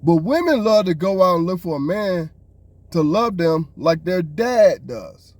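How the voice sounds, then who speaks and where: Exasperated man ranting, lively pitch. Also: unhurried, no echo. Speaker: podcast co-host. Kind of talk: casual reaction commentary.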